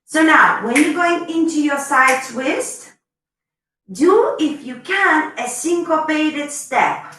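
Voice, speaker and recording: A woman's voice: high voice, animated, slow, fairly bright tone, roomy sound, a little hiss or hum, rough recording. A woman teaching a live online dance lesson, chatty and bubbly, counting the beats aloud as she goes. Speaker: dance instructor.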